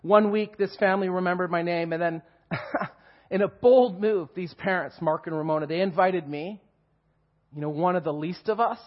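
A man in his forties tells his personal testimony to a church. He speaks with emotion and animation, laughing and swinging from hushed to loud. His voice sits high for a man, and the sound is dull and muffled. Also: steady tone, normal speed. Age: 40s. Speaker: guest speaker giving testimony.

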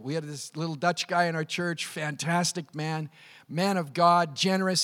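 Male pastor, high voice, lively storyteller sermon. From Canada. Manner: animated storytelling, acting out quotes.

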